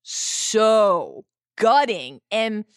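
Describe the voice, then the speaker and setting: A woman's voice: mid-range voice, big pitch swings, very slow, clear, resonant tone, no echo, studio quality. Earnest enthusiastic woman podcast co-host. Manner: earnest, enthusiastic, laughs often. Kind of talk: casual pop-culture discussion.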